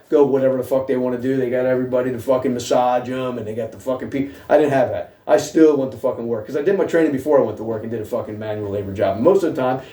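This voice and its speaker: In an echoey room, seated some distance from the mic, a middle-aged host tells his own story in a casual monologue. His mid-range voice is mellow and darkish, his manner blunt, swearing heavily and asking "okay?" over and over.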